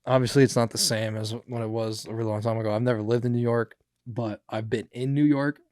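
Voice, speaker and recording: A man's voice: medium pitch, fairly even intonation, fast talker, a little mellow, no room sound, clean studio sound. A young man hosting a podcast, chatting casually about news clips, rambling and swearing with many fillers. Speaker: podcast host.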